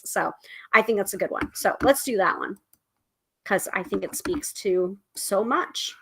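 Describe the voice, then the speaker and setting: Bright-voiced chatty woman host. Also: mid-range voice, normal speed, breathy edge. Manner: rambling, chatty, self-interrupting. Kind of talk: casual livestream chat.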